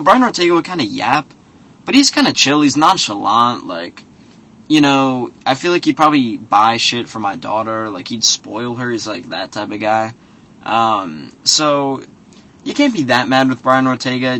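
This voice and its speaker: A man's voice: medium pitch, sharp tone. A man hosting a casual, rambling commentary, swearing freely and filling his talk with "like" and "you know". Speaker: host.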